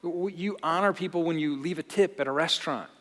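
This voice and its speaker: A man preaching a sermon in a church, animated, often repeating and restarting his phrases. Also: fairly high pitch, fast talker. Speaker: pastor. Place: church auditorium. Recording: long reverb of a large hall.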